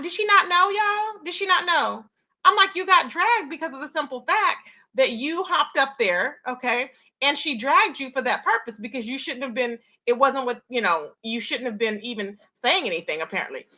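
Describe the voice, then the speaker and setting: Sassy and gossipy, a woman comments casually on a clip of a live-stream argument, speaking right to her viewers as "y'all." Her voice sits high and sounds bright and forceful.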